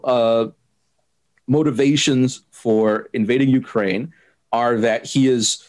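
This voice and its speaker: A man answering interview questions, laying out his view in a careful, measured way and pausing often with hesitant fillers. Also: medium pitch, fairly even intonation, a little mellow. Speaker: interviewee explaining politics. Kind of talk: unscripted explanatory interview.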